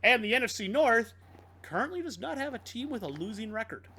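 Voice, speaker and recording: A man's voice: very high-pitched, fairly quick, husky. A man co-hosting a casual sports podcast, reading off game stats. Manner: reads off game stats in a lively, rising-and-falling delivery. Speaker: podcast co-host.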